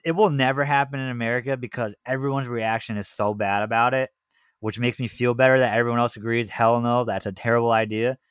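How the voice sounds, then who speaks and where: Young dude cohost, mid pitch, dry mic, kinda incredulous. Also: male voice, fairly even intonation, a bit bright, smooth, no echo. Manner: incredulous, quick to react. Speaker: co-host. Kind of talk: casual chat.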